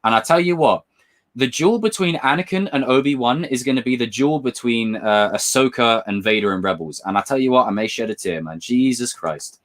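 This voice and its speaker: A man hosting a casual livestream, reading chat messages aloud and talking with excitement and the odd swear word. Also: mid-range voice, fairly quick. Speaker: livestream host.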